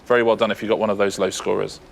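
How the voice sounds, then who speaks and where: A man with an English accent, co-hosting a quiz show and reading out answers and scores in a measured, lightly chatty way. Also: on the low side, little pitch movement, gravelly, slight background noise.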